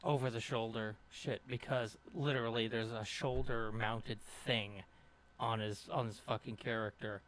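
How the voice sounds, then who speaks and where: A man's voice: mid-range voice, fairly even intonation, a little slow, a bit bright. A man co-hosting a casual live game stream, laid-back, reading out viewer messages. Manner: laid-back, reads donor messages aloud. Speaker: stream co-host. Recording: noisy, distorted mic line.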